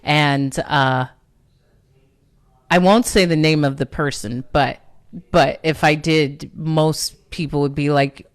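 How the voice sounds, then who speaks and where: A woman's voice: low voice, clean tone, dry recording. A woman hosting a casual personal storytelling talk, conversational and self-mocking, often laughing at herself. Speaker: storyteller host.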